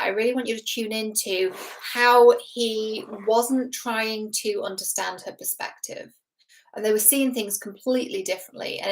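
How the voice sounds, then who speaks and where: A woman in her thirties talks straight to camera as a relationship expert, walking through a show's couple with earnest, analytical care. Her voice sits in an ordinary middle pitch, and she often pauses on fillers and restarts her sentences as she thinks aloud. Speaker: relationship expert and show host. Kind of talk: casual reaction commentary to camera.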